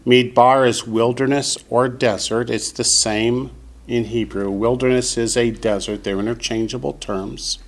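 A man leads a classroom language lesson at an unhurried, measured pace. He says each new word with care, then explains its meaning in plain terms. His voice sits at an ordinary pitch. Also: steady tone. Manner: slow, deliberate, pronounces each word for the class to repeat. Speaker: Hebrew teacher. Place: classroom with students.

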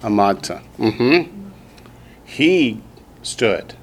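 A man with a Southern US accent teaching a language class in a classroom, drilling students slowly and patiently. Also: lowish voice, expressive, a little hiss or hum. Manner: slow, patient drilling with repetition. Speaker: Hebrew teacher.

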